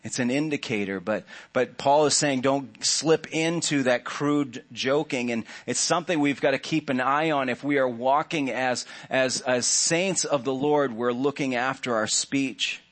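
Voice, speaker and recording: A pastor with a somewhat bright, mid-range voice preaches a little slowly and with few pauses. His sermon in the church sanctuary is conversational, dotted with humorous remarks to the listeners.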